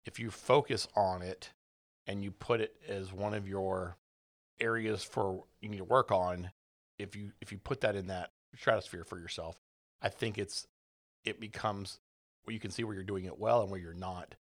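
A man's voice: deep voice, fairly bright tone, dry recording, studio quality. A man co-hosting a business podcast, earnestly explaining how his team improved, repeating his main points. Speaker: podcast co-host, business leader. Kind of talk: casual business chat.

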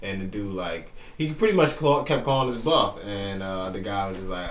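A man's voice: on the low side, brisk, few pauses, distant mic. A man hosting a podcast, telling stories in loose slang with plenty of joking and laughter. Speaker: podcast host. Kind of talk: casual podcast banter. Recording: roomy echo from off the mic, faint noise.

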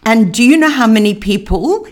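A woman's voice: on the high side, animated, normal speed, a little mellow. A young woman, co-hosting a podcast in casual chat, teasing and encouraging. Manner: supportive, teasing interjections. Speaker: podcast co-host.

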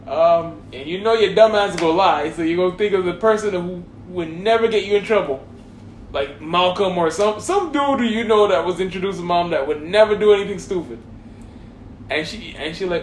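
A man from Hawaii telling a comic story casually, animated and laughing through his words, in a roomy echoing room. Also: sits high, a little fast, a little hiss or hum.

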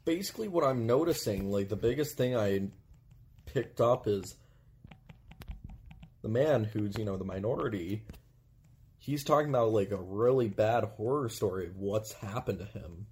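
Low-pitched man, relaxed podcast co-host, rambling casual delivery. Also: normal speed, long pauses. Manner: rambling, laid-back, many fillers. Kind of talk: casual film discussion.

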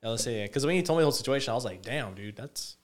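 A young man talks fast in a loose, rambling way, swearing constantly as he tells stories. His pitch sits in an ordinary middle range for a man. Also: expressive. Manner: profane, rambling storytelling. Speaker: podcast co-host. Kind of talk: casual chat.

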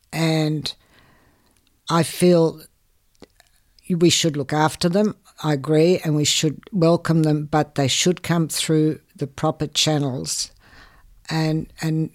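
An older woman, giving earnest, measured interview answers and often repeating words. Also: low-pitched, a little mellow. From Hungary. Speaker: guest. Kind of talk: interview answers, personal recollection.

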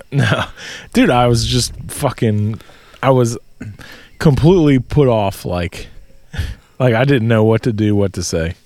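A man telling a story in casual podcast chat, swearing a lot and getting loud in disbelief. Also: mid-range voice, takes it slowly, pauses often, dry recording. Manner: profane, animated storytelling, rising to loud disbelief. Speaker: podcast co-host.

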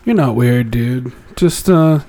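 A man's voice: medium pitch, animated, slow, mellow. Laid-back man co-hosting a chat. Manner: laid-back, agreeable, says "dude". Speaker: podcast co-host. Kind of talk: casual chat.

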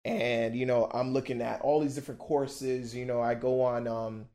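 A man in his thirties, a podcast guest, telling stories casually with lively slang and repeated phrases. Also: medium pitch, moderate pace. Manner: animated, slangy, repeats for emphasis. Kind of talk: casual storytelling.

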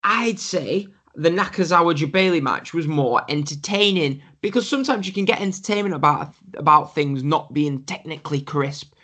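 A man's voice: fairly high pitch, expressive, moderate pace, few pauses, sharp tone. Blunt, opinionated man chatting. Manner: blunt, opinionated, keeps asking "do you know what I mean". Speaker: podcast co-host. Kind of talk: casual chat.

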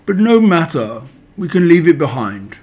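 A man doing Eeyore, a slow gloomy old donkey. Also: a little high, big pitch swings, darkish tone, husky, pitched above the performer's own voice. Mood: solemn. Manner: slow, drawn-out, self-important speech. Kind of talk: storybook character voice.

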